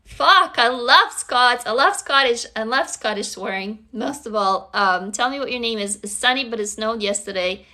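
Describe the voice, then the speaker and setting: A woman's voice: on the high side, expressive, moderate pace, few pauses, sharp tone. A woman whose first language is Russian, hosting a casual live stream from a phone, greeting viewers and swearing freely. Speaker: livestream host.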